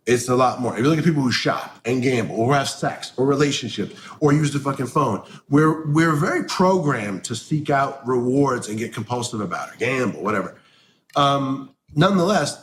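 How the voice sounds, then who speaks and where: A man's voice: medium pitch, expressive, moderate pace. A man speaking candidly in an interview, blunt and swearing freely. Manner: blunt, swears freely, mocks people in a sharp voice. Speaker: interview guest. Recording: echoey room with faint noise.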